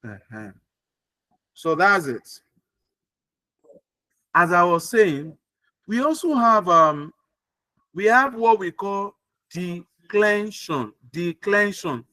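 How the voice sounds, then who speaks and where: A man's voice: high-pitched, sing-song, takes it slowly, pauses often, sharp tone, no room sound. A man teaching an online English grammar class on a video call, repeating points and asking if students follow. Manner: repeats points and checks understanding often. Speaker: English tutor.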